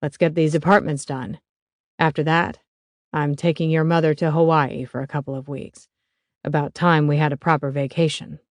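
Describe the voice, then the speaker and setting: A woman voicing a gruff older father and builder handing over his business, speaking in a halting, hesitant way. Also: low voice, little pitch movement, no echo, natural voice.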